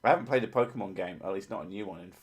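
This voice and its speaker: Low-voiced joking, profane male streamer. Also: very fast, husky. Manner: profane, joking, easily sidetracked. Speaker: livestream host reading chat. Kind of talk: casual livestream chat.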